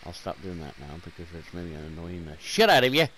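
A man giving rambling, joking commentary over his gameplay, swearing often and jumping between loud bursts and mumbled asides, wired on caffeine. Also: deep voice, very animated, fairly quick.

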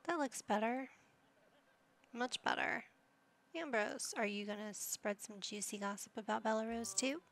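Slow, gravelly woman chatting over a game. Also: on the high side, fairly bright tone. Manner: chatty, teasing, talks to her characters. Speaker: gaming channel host. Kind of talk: casual let's-play commentary.

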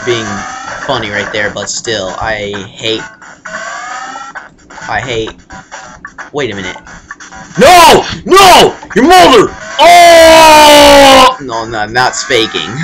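A young man gives rambling, crude casual commentary while playing a game, breaking into sudden yelps. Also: medium pitch. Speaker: let's play gamer. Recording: game music playing loudly behind.

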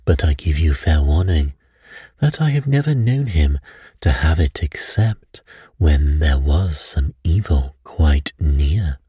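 A man reading a bedtime story, voicing a worldly French companion who speaks quietly and earnestly. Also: extremely low pitch, lively intonation, slow, husky, dry recording, clean studio sound, exaggerated voice.

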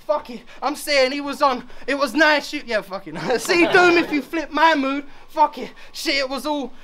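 Guy spitting battle bars, high voice, loud crowd all round him. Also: moderate pace. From London. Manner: brash, taunting, punchy delivery. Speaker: battle rapper. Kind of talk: battle rap performance. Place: live battle venue. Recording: loud live crowd around.

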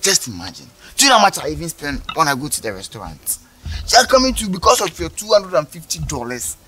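A man's voice: fairly high pitch, very animated, fast talker, over music, low-quality recording. A man playing a rude, arrogant bank officer who talks down to a customer. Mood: mocking. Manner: scornful, bossy, dismissive. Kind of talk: short film acting.

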